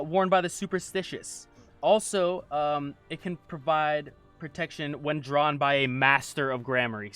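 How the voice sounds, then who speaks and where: Male game master, higher voice, halting read-aloud narration, faint music bed. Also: fairly bright tone. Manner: reads descriptions aloud, halting restarts.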